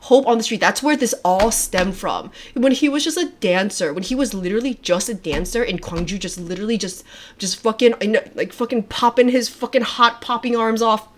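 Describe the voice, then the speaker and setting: Gushing, excitable young woman livestreamer. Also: a little high, fairly quick, slight background noise. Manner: gushing, excitable, swears often, trails off and restarts. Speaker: livestreamer reacting to music videos. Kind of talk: casual livestream chat.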